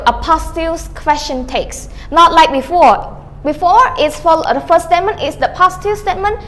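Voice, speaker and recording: A woman's voice: high-pitched, a bit bright, big-room sound. A woman teaching an online English grammar lesson, filling her sentences with "okay" and acting out rising and falling question tags. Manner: repeats "okay" often, calls herself teacher; models question-tag intonation with rising and falling tones.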